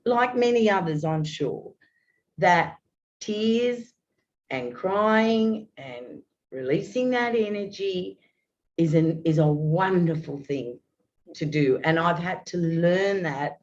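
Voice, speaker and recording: A woman in her fifties speaks slowly in a lowish voice with lively intonation. As a guest in an open, heartfelt conversation, she talks earnestly and at length, restarting often, and the lo-fi audio sounds dull.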